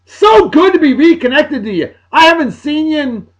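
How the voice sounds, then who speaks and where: A man, hosting a show and giving chatty, upbeat shout-outs with playful asides. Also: extremely high pitch, expressive, normal speed. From Massachusetts, USA. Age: 40s. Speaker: video show host. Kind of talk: casual birthday shout-outs.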